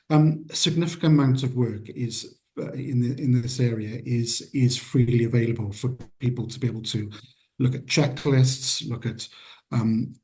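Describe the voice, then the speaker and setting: A man's voice: medium pitch, warm tone. A man being interviewed about trade union work, answering earnestly and restarting his words often. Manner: hesitant, repeats words, earnest.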